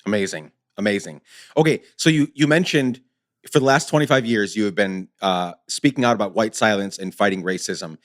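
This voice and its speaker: A man's voice: on the low side, a little fast, a bit bright. Conversational male podcast host. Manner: conversational, affirming interviewer. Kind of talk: interview questions.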